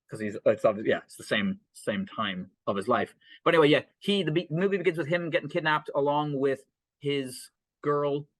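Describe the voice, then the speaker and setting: A man co-hosting a film podcast talks in a loose, rambling way, stopping to correct himself and laughing at the plot. His voice sits at a middle pitch and sounds dry, as if recorded right up close. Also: a bit bright, no room sound. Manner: rambling, many fillers and self-corrections, laughs often. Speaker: podcast co-host. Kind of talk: casual film discussion podcast.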